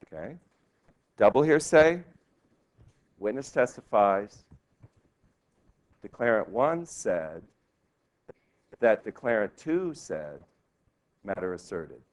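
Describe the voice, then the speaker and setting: A male law professor giving a classroom lecture, lively and quizzing his students with questions. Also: on the low side, slow pace, pauses often. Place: law school lecture hall.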